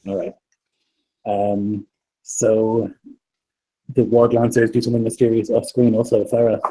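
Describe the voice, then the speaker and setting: A man narrating as game master of a tabletop game, pausing often with ums and uhs. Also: mid-range voice, mellow, breathy edge, low-quality recording. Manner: hesitant, filler-heavy narration.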